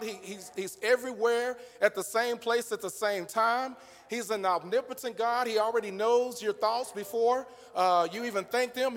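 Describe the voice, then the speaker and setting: A man preaching a sermon in a church, talking through it conversationally and then building up to passionate shouting. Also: high-pitched, big-room sound. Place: church sanctuary.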